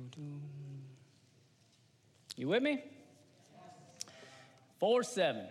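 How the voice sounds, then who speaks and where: A man in his thirties, a lay preacher giving an informal, animated sermon to a congregation. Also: mid-range voice. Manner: casual, animated, slangy, talks to the congregation. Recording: long hall reverb.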